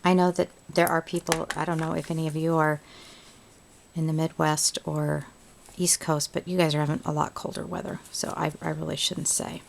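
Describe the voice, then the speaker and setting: A woman's voice: low voice, flat delivery, moderate pace, vocal fry, background noise. A woman hosting a home craft tutorial, chatting casually and thinking aloud as she works. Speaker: crafting video host.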